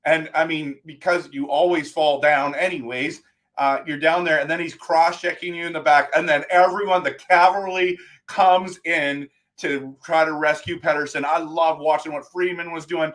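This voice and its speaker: A man hosting a live post-game stream, ranting in an animated, exasperated way about a hockey game. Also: on the high side, moderate pace. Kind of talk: post-game fan talk.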